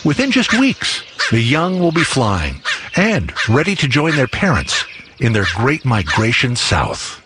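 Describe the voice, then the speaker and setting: A man narrating a short scripted radio segment about birds in a measured, informative way. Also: medium pitch, wildly swooping pitch, noisy background.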